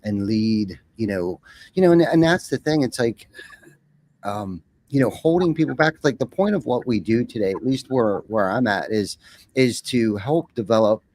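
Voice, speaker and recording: A man's voice: mid-range voice, animated, normal speed, darkish tone, no room sound. A man talking as a podcast guest, rambling and often repeating words as he starts a sentence. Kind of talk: casual conversation.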